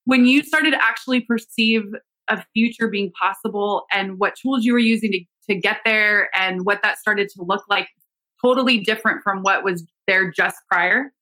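A woman's voice: medium pitch, moderate pace, bright, forceful tone, low-quality recording. A woman podcast host asking a long, searching interview question.

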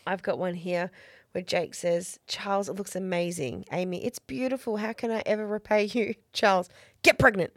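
A woman's voice: medium pitch, normal speed, dry recording. A woman co-hosting a casual TV recap podcast, effusive and emotional, laughing often. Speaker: podcast co-host.

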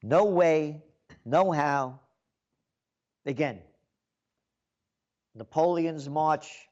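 A man's voice: on the high side, darkish tone, lo-fi sound. A man giving an indignant, repetitive political rant as a commentator.

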